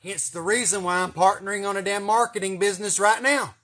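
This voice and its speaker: A man's voice: sits high, fairly even intonation, fairly quick, sharp tone. A man talking casually while working in a garden outdoors, swearing a lot, repeating words for emphasis and laughing at his own jokes. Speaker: vlogger and contractor.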